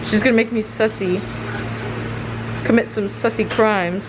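A woman's voice: mid-range voice, steady tone, measured pace, noisy background. A young woman vlogging a day out in stores and streets, gushing and exclamatory as she films on a handheld camera. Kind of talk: excited casual vlog chatter.

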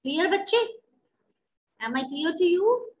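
A woman's voice: extremely high pitch, animated, slow, roomy sound, rough recording. A woman teacher giving patient, explanatory feedback in an online class, often checking that students understand. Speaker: English teacher.

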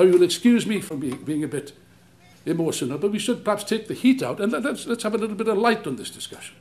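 A man giving an impassioned speech at a public debate, indignant and forceful, firing off rhetorical questions and restarting his phrases as he presses his point. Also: high-pitched. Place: lecture hall.

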